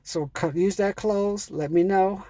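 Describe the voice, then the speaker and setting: Pushy high-voiced man giving sales talk. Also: measured pace, dark tone, dry recording. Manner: pushy, rambling, swears a lot, says "man" often. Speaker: sales trainer. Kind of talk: casual motivational sales talk.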